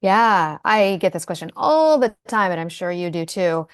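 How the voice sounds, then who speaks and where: Lowish woman co-hosting, chatty, lots of ums, dry close sound on a video call. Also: expressive, moderate pace, smooth, dry recording. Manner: chatty, many fillers and restarts. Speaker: co-host. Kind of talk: casual podcast chat.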